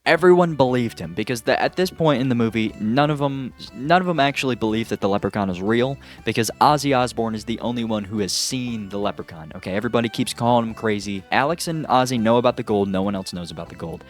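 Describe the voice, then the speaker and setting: A man recapping a film in a casual, exasperated and sarcastic way, often pausing to ask "okay?". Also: fairly low pitch, soft background music. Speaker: movie reviewer.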